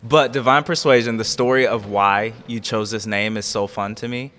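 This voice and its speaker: A man hosting a podcast interview, talking in a relaxed, casual way and laughing easily. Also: lowish voice, moderate pace, big-room sound. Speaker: podcast host.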